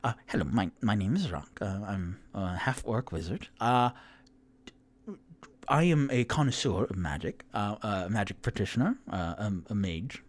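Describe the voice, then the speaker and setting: A man's voice: fairly low pitch, lively intonation. A man doing Rock, a formal half-orc wizard. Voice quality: formal, halting.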